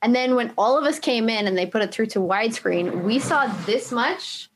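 Female co-host, slightly high voice, upbeat casual storyteller who acts out quotes. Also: expressive, normal speed, a little hiss or hum. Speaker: podcast co-host. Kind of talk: casual chat.

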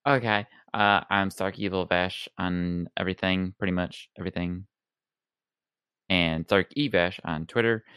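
A man's voice: sits low, fairly even intonation, unhurried, fairly bright tone, clear, resonant tone, no echo, studio quality. A man co-hosting a video game podcast, chatting casually and plugging his streaming channel. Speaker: podcast co-host. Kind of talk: casual chat.

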